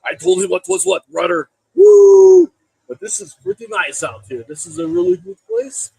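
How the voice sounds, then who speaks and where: A man's voice: very high-pitched, huge pitch swings, normal speed, vocal fry, warm tone, pitched above the performer's own voice, exaggerated voice, poor audio. A man playing a boastful, paranoid vagrant who calls himself the alpha male, in a pompous, self-pitying sketch voice. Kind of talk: comedy sketch video.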